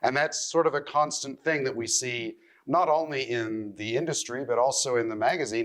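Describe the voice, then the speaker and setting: A man, a magazine editor, giving a measured, explanatory seminar talk to a live audience. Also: medium pitch, a bit bright. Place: convention seminar room.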